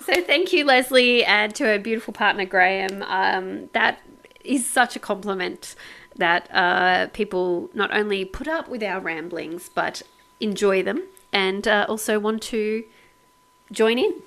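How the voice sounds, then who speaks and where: Woman cohost on a chill podcast, chatty, laughs a lot, mid pitch. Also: a little slow, fairly bright tone. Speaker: podcast co-host. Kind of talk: casual podcast chat.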